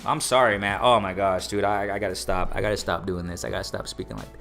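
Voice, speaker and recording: Excited man hosting a boxing livestream. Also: deep voice, quick pace, vocal fry, faint music behind. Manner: excited, reads chat aloud, repeats phrases. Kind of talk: casual live-stream commentary.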